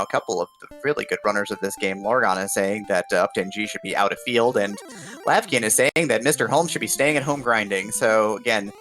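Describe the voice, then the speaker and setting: A man's voice: lowish voice, fairly bright tone. A man commentating a video game tournament, upbeat and explaining the rules of the game to viewers. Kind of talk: esports play-by-play commentary.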